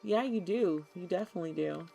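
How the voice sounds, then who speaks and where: A woman streamer chatting casually and excitedly to her viewers while she plays a cozy game, often talking to the game itself. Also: on the low side, brisk, gravelly, soft background music. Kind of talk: casual gaming stream chat.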